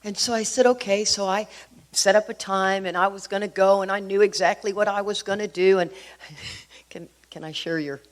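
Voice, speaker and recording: A middle-aged woman from Houston, speaking to a recovery group, telling her story in an animated way with emphatic asides. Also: medium pitch, moderate pace. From Houston, Texas. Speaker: AA workshop speaker. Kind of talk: personal recovery talk to a group.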